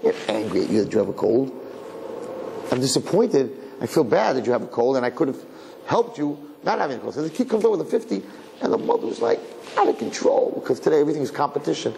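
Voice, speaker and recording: A man, a rabbi, giving a conversational sermon as an animated storyteller who acts out voices. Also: medium pitch, fast talker. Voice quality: gravelly. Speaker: rabbi lecturing. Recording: reverberant hall, faint background noise.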